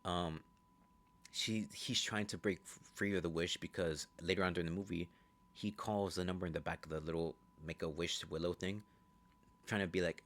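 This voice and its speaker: A man giving a casual, rambling, profane recap of a movie, telling the story fast. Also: sits low, steady tone, a bit bright. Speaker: movie reviewer.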